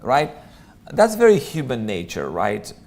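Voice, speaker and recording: A man's voice: medium pitch, huge pitch swings, unhurried, darkish tone, slight background noise. A man teaching a Bible class in a church, talking casually with lots of ums and friendly asides. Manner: conversational, many ums, chatty asides. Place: church room.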